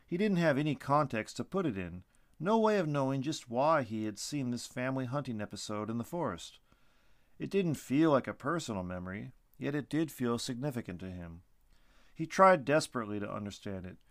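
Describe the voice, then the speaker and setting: A male narrator reads a story with lively, animated pitch and an expressive delivery. His voice sounds dry and close to the mic. He keeps a steady storytelling manner. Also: no echo.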